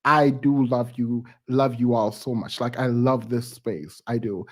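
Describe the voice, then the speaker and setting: A man hosting a live stream, touched and thankful, halting and close to tears as he signs off with casual talk. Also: medium pitch, fairly even intonation.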